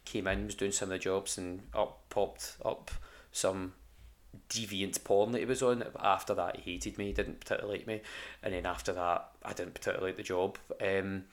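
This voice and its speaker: A man's voice: low voice, fairly even intonation, normal speed. A young Scottish man telling rambling, sweary stories about his old jobs in a casual podcast chat, full of ums and restarts. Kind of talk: casual storytelling.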